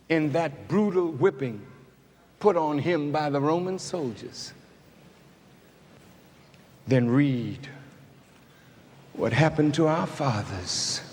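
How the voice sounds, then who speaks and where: A man giving an impassioned speech, deliberate and building to shouted peaks. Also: mid-range voice. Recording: archive recording with long hall reverb and faint noise.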